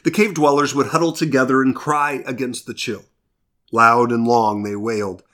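A male pastor delivers a sermon, moving between scripture reading and storytelling. His voice sits in a middle range, and he leans on deliberate slowdowns to stress key phrases. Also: medium pitch, steady tone, fairly bright tone. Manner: earnest storytelling, shifting pace for emphasis.

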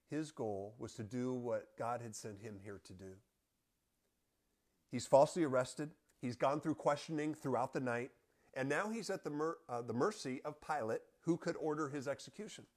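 An earnest man leads a Bible study, reading scripture aloud and then walking listeners through it. His delivery is measured and sincere, and he speaks directly to the group. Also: mid-range voice.

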